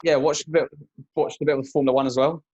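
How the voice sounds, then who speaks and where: A man's voice: mid-range voice, flat delivery, fast, a little mellow, muffled recording, a little hiss or hum. A young man, co-hosting a casual podcast, telling a story and chuckling along the way. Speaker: podcast co-host. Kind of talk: casual chat.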